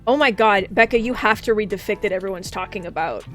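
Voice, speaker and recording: A woman streamer chatting casually and excitably, often swearing and breaking into laughter. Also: mid-range voice, quick pace. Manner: excitable, swears a lot, frequent laughing outbursts. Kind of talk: casual live-stream chat. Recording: faint background music.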